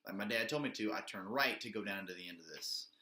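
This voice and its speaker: Guy rambling thru a story, bright voice, roomy echo, says like a lot. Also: lowish voice, quick pace. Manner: rambling, full of "like" and swearing. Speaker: vlogger telling a personal story. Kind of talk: casual storytelling. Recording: echoey room.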